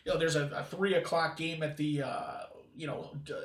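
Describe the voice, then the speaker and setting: A man rambles through a casual podcast chat, full of fillers and restarts. His voice sits a bit high and sounds set back from the mic in an echoey room. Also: fairly even intonation, moderate pace, distant mic. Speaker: podcast co-host. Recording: roomy, from off-mic.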